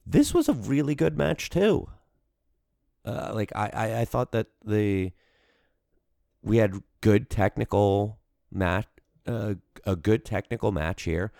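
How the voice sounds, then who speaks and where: A male podcast co-host with a fairly low pitch talks slowly but animatedly, his creaky voice carrying a darkish tone. He rambles in casual chat, full of fillers and restarts, on a clean studio recording with no echo.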